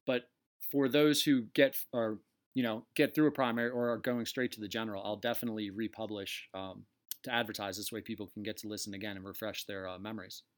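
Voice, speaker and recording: A man's voice: lowish voice, fairly even intonation, fast talker. A man hosting a casual podcast interview, laid-back and chummy. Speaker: podcast host.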